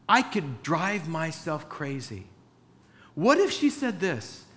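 A man's voice: fairly high pitch, very animated, slow, long pauses, fairly bright tone, a little hiss or hum. A man preaching a sermon in a church, conversational, acting out little dialogues. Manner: conversational, acts out dialogue with his wife. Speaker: pastor. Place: church with a sound booth. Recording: reverberant church hall.

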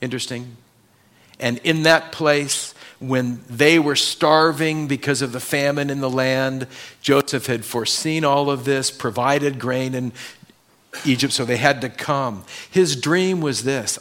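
A male pastor preaching a sermon in a church, swinging between loud emphasis and hushed tones. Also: mid-range voice, unhurried. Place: church sanctuary.

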